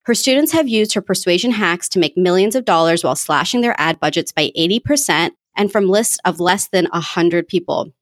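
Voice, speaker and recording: A woman's voice: lowish voice, expressive, fairly quick, few pauses, no echo, studio quality. An American woman hosting a podcast, introducing and chatting with her guest in a gushing, enthusiastic way. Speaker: podcast host. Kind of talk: podcast interview.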